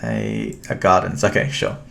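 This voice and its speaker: A man's voice: a bass voice, animated, moderate pace, gravelly, sharp tone. A young British man casually commentating his own card game, thinking aloud and chatting to his opponent.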